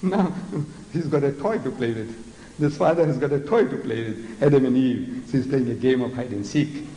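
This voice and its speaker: An older man with a South African accent, giving a mocking, animated lecture and mimicking the voices of others. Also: medium pitch, moderate pace. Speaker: public speaker. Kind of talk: lecture before an audience. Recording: echoey hall recording.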